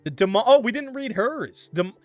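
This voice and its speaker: A man streaming a game, chatting casually and thinking aloud in an animated way. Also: high voice, normal speed, no room sound, soft background music. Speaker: gaming streamer. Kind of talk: casual let's-play commentary.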